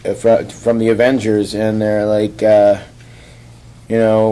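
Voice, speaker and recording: A man casually recapping a comic on a podcast, rambling and acting out the characters' lines in quick voices. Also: on the low side, monotone, dark tone, smooth. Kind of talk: casual chat.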